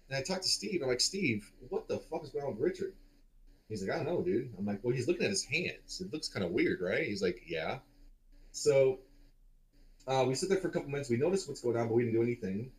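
A man's voice: mid-range voice, a little mellow, poor audio. Rambling, profane man telling a story. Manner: loose, profane, rambling with many fillers. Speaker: podcast co-host. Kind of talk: casual storytelling.

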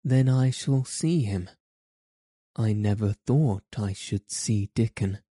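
A man's voice: fairly low pitch, takes it slowly, dark tone, no echo, studio quality. A man voicing a sheltered, curious young girl with prim, proper speech. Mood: pleased.

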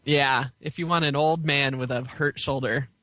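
Bright-voiced joking podcast co-host, man. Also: mid-range voice, fairly even intonation, normal speed, no room sound. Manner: joking banter, short quips. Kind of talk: casual chat.

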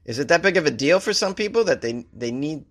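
A man's voice: a little high, animated, fast talker, a bit bright. A man from Massachusetts hosting a comedy show, riffing sarcastically on strange news stories and laughing at his own jokes.

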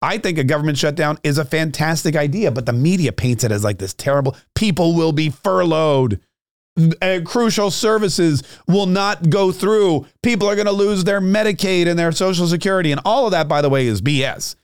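A man hosts a solo podcast, giving a ranting political commentary monologue. His voice sits a little high, and his delivery is sarcastic, often doubling words as he pushes ahead. The recording is close and dry. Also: animated, normal speed, clean tone, no echo.

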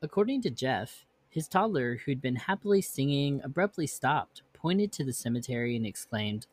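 A man's voice: mid-range voice, lively intonation, moderate pace, hardly any pauses. A man hosting a podcast, reading ghost stories aloud and breaking off into offhand comments. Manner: reads text, then breaks off into offhand comments. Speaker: podcast host.

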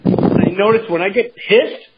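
A man hosting a podcast in casual chat, telling stories in an animated, rambling way with many restarts. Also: high voice, a little slow. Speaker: podcast host. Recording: dull lo-fi sound with faint noise.

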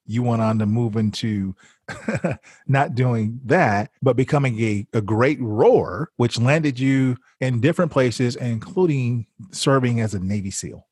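A man interviewing a guest, asking measured questions and summing up his answers. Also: mid-range voice, a little mellow, breathy edge, no room sound, clean studio sound.

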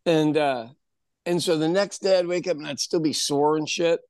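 A man of about sixty co-hosting a podcast, telling stories in an animated, casual way and laughing often. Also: on the high side, moderate pace, dry recording, clean studio sound. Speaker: podcast co-host, pub owner. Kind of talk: casual chat.

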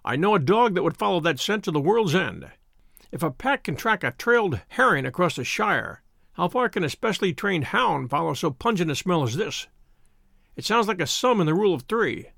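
A man plays a cool-headed detective who speaks quietly, dryly and precisely. The voice is gravelly with lively shifts in pitch, heard up close in a dry recording. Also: normal speed, no room sound, exaggerated voice.

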